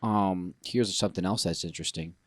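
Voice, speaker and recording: A man co-hosting a casual podcast, an animated storyteller who jokes around. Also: deep voice, brisk. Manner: animated storyteller, sings and beatboxes jokingly. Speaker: podcast co-host. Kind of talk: casual chat.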